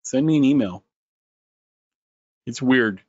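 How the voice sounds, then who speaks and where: A man who founded a company, running a sales webinar in an animated, sarcastic way. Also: breathy edge, no room sound, highs cut off. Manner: animated, sarcastic, quick swings in pitch.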